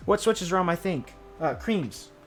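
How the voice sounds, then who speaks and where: A man's voice: sits high, expressive, normal speed, faint music behind. A young man chatting casually on a livestream while building a keyboard, answering viewers in laid-back, slangy banter full of swearing.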